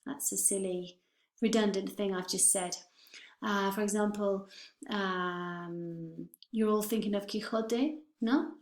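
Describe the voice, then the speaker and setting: A woman teaching English pronunciation, careful and clear, repeating words for her students. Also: medium pitch, fairly even intonation, slow. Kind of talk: online lesson. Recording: roomy echo.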